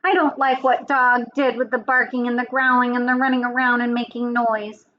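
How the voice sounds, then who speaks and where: A woman's voice: fairly high pitch, flat delivery, normal speed, muffled recording, slight background noise, close to an everyday voice. A woman voicing a scared small turtle with a tummy ache, talking in a whiny, pleading way. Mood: upset.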